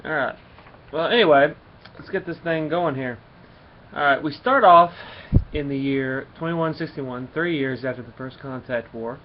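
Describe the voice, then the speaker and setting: A man with a fairly high voice reviews a comic book at a moderate pace, retelling its plot in a rambling way full of fillers. The recording is slightly muffled, with a faint background hum.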